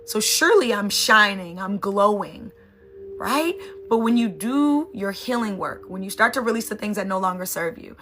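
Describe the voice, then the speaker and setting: A woman's voice: mid-range voice, animated, normal speed, pushed and bright, slight background noise. A woman NLP coach and sound healer giving an emphatic, conversational motivational talk, often checking in with "right?".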